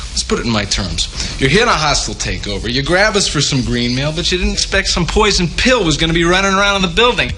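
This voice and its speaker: A smug corporate deal-maker with slick salesman patter. His voice is bright and bouncy, in a film clip. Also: fairly high pitch, animated, quick pace, hardly any pauses, faint music behind.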